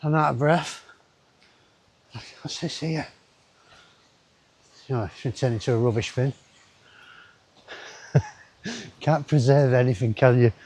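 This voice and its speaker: Slow and often pausing, a man with a medium-pitched, slightly mellow voice offers rambling, casual commentary while walking through an outdoor river gorge. The travel vlogger talks to his camera and throws in asides to himself.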